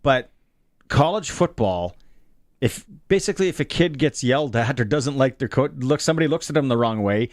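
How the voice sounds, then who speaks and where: Man, sports radio host, chatty, mid-pitched voice, dry studio sound. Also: expressive, no room sound. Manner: chatty, lots of ums and quick asides. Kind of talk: casual sports talk.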